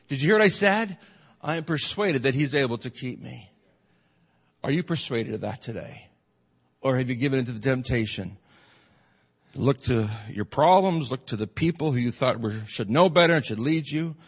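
Preaching pastor in a reverberant hall. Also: male voice, mid-range voice, expressive, normal speed, breathy edge. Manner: preaching, swings from shouted peaks to soft asides. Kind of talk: sermon.

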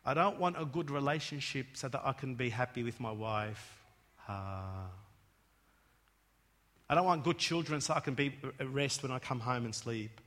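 A man preaching a sermon in church, emphatic and swelling to loud peaks, often restarting his words. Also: mid-range voice, lively intonation, moderate pace. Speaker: pastor. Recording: long hall reverb.

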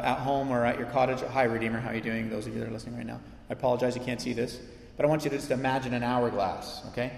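A man preaching a sermon as pastor, animated and conversational, with frequent asides to his listeners. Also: a little high. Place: church sanctuary. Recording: echoey church hall.

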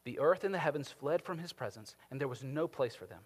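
A man preaching a sermon, animated, swinging from emphatic peaks down to soft, quiet lines. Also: on the high side, brisk, husky. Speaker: pastor. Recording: long hall reverb.

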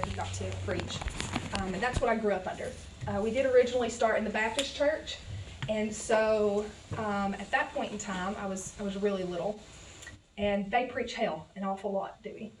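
A woman's voice: mid-range voice, slight background noise. A woman preaching a heartfelt, folksy sermon as a guest preacher, sincere and openly emotional. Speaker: guest preacher, pastor's wife. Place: church sanctuary. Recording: echoey church, distant mic.

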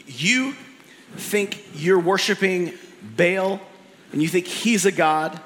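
A fearless prophet throws down a challenge to a king, loud and insistent, as a preacher puts him on in the middle of a sermon. The voice sits fairly high for a man and rings out with a long hall echo behind it. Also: slow pace, a little hiss or hum. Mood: defiant. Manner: defiant, raised and emphatic.

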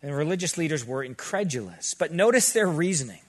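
A middle-aged male pastor preaching a sermon, earnest and conversational with quick asides. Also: fairly high pitch, sing-song.

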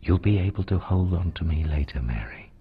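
Man voicing a gentle savior figure, low and hushed, slow, husky, lo-fi sound. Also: heavily acted. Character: gentle kind male savior, soft-spoken. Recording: dull lo-fi recording.

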